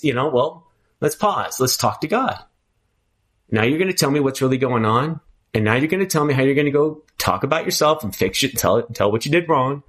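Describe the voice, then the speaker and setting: A man's voice: medium pitch, animated, fairly quick, a bit bright, husky. A man speaking candidly at a twelve-step recovery meeting, earnest and emphatic, often restarting his phrases.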